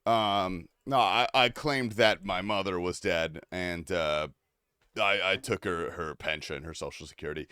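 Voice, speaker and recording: A man's voice: deep voice, unhurried, pushed and bright, clean tone, dry recording, studio quality. A man streaming a game, joking with chat in a loose, profane, laughing ramble. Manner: joking, rambling, swears often, laughs a lot. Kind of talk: casual livestream chat.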